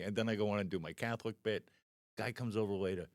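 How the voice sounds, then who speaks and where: A man's voice: lowish voice, fast talker, dry recording, clean studio sound. A man in his sixties, a stand-up comedian guest, telling anecdotes animatedly in a casual podcast chat. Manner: animated storyteller, acts out the people in his anecdotes.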